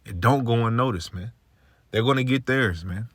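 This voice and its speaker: A man's voice: mid-range voice, normal speed, fairly bright tone, no echo. A man giving a casual spoken religious testimony, laid-back and peppering his talk with "man" and "okay". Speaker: religious video maker.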